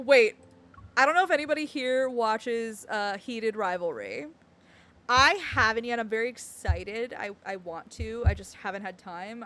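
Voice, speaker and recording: A woman's voice: fairly high pitch, fairly bright tone, a little hiss or hum. Giggly, chatty woman streamer. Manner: chatty, giggly, laughs often. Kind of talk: casual gameplay chat and reading game text.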